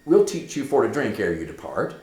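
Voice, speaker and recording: A man's voice: medium pitch, very animated, a little fast, darkish tone, pitched above the performer's own voice, lightly acted. A man voicing a bitter, sarcastic young prince in a raised, emphatic reading. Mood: bitter sarcasm. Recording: echoey room.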